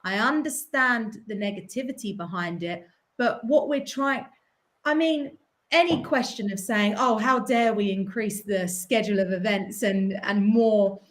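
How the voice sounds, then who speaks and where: A woman with a British accent, a pool player guest on a podcast, arguing her point in an animated, persuasive way with quick bursts. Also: medium pitch. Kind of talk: casual podcast chat.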